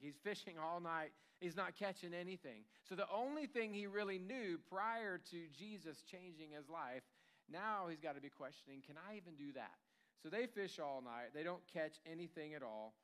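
Smooth-voiced man preaching conversationally. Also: high voice, fairly bright tone. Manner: conversational storytelling, acting out quotes. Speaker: pastor. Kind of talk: sermon. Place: church.

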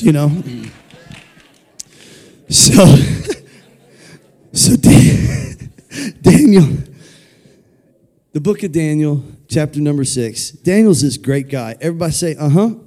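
This man's voice sits on the high side with a dark tone. He's preaching a jokey, playful children's sermon in a church sanctuary, calling out lines for the crowd to repeat back.

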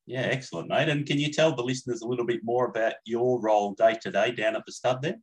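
A man's voice: mid-range voice, steady tone, fast talker, husky, low-quality recording. A man hosting a casual racing podcast interview, easygoing, calling his guest mate and filling gaps with uhs. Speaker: podcast host.

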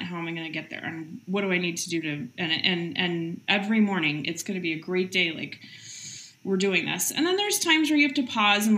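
Middle-aged woman guest, energetic and chatty, bright forceful tone, roomy echo. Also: on the low side. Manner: energetic, quick, heavy use of "like" fillers. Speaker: entrepreneur guest. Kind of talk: casual interview chat.

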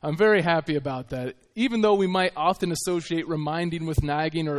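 A man, a missionary, giving an earnest, conversational sermon with halting restarts. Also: a little high. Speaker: missionary preacher.

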